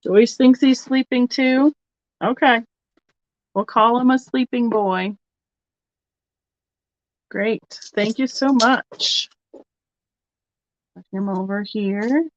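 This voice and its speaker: Taking her time and pausing often, a woman with a steady, higher voice hosts a live online vintage sale. She chats casually and thinks aloud while showing items and taking bids, and the slightly dull, lo-fi recording has no echo.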